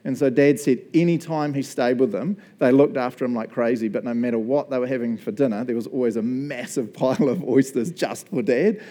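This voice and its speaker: A man's voice: medium pitch, fairly quick, hardly any pauses. A man with a New Zealand accent preaching a casual, jokey sermon full of stories. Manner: chatty, jokey, animated storyteller.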